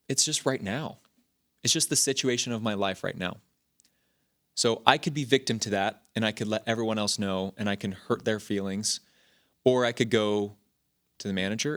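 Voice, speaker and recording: Rambling, animated man telling stories. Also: lowish voice. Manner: rambling, animated storytelling with many restarts. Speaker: podcast host. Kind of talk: casual talk.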